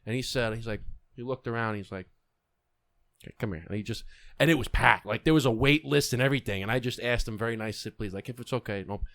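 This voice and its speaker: A man hosting a podcast, telling stories in a casual, relaxed way. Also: medium pitch, fast talker, vocal fry, no room sound. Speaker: podcast host. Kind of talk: casual chat.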